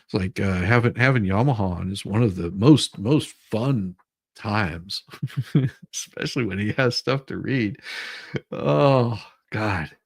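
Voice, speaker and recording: A man's voice: on the low side, unhurried, vocal fry, no echo, studio quality. A man hosting a casual livestream, greeting viewers from the chat and laughing often. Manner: laughs often, repeats words while restarting. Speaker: livestream host reading chat.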